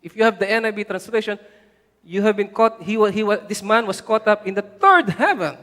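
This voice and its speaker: Speaking a little fast, this high-voiced man preaches animatedly in a church hall, getting loud to stress points and dropping frequent conversational "right?" asides. The sermon carries a long, reverberant church-hall echo.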